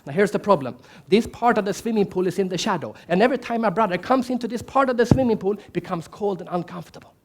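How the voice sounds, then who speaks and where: A man's voice: high-pitched, fast, few pauses. A man giving a keynote speech at a conference, telling stories, putting questions to the audience and acting out the quotes. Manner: animated storyteller, asks the audience questions, acts out quotes. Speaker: keynote speaker. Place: large conference hall.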